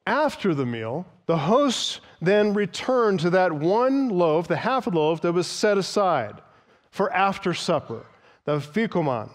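A man preaching an expository sermon in a reverberant church hall, his voice pitched a little high for a man. He speaks with emphasis, pausing to explain key terms and quote older sources. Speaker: pastor.

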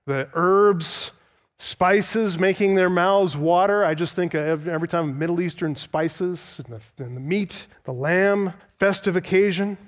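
A man with a high voice preaches an expository sermon, teaching earnestly. He repeats words for emphasis and slows down on key phrases.

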